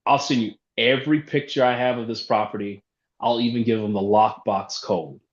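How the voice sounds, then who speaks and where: A man, a real estate investor, telling an animated story from a talk, acting out phone calls and laughing as he goes. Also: mid-range voice, normal speed. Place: event room. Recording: roomy, dull lo-fi sound.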